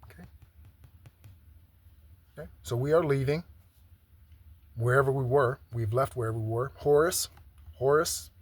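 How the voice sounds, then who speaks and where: A man's voice: medium pitch, measured pace, pauses often, no echo. A man giving a spiritual tarot reading in a chatty way, often checking in with "okay?". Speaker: tarot reader. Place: home in Southern Arizona.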